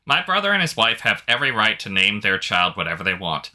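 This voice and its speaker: A man with a low, strikingly bright and forceful voice reads out stories in a relaxed, easygoing way. He chuckles often as he co-hosts a casual chat. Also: fast. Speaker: podcast co-host reading posts.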